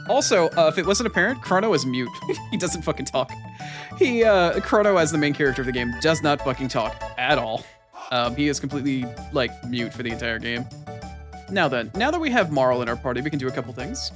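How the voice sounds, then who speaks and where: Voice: mid-range voice, animated, brisk. A gaming streamer chatting casually and rambling through a playthrough, swearing freely and joking about themself, with game music in the background. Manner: rambling, profane and self-deprecating. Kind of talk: casual let's-play commentary.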